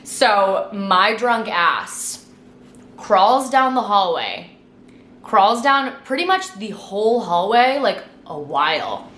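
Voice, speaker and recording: A young woman in her twenties telling a storytime vlog in a chatty, sweary, animated way, a little tipsy from wine. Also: medium pitch, slow pace, reverberant. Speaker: vlogger. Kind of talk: casual storytime monologue.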